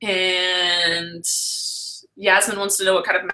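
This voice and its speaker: A young woman vlogger chatting and ranting on a live stream, animated and laughing often. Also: on the low side, slow.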